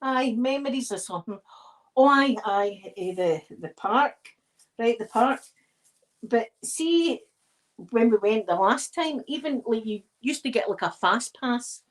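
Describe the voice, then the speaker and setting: A woman's voice: fairly high pitch, expressive, a little slow. A Scottish woman chatting casually and rambling through stories as she decorates a tree for an ASMR video. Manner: rambling, digressive storytelling.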